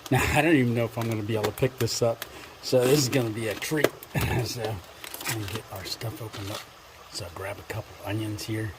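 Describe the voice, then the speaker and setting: A man vlogging while cooking at an outdoor camp, chatty and quick to laugh, sometimes dropping to a hushed voice. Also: on the low side, fairly even intonation. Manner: chatty, laughs often, talks quietly at times. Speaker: camping vlogger. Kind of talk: casual cooking narration. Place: outdoors under a covered bridge. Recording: noisy outdoor camp recording.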